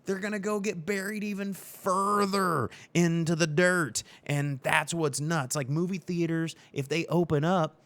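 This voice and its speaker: A man co-hosting a casual live-stream chat about movies, telling stories with a lively, animated delivery. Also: unhurried, hardly any pauses. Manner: animated storytelling, acts out people in high silly voices. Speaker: podcast co-host. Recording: live-stream show recording.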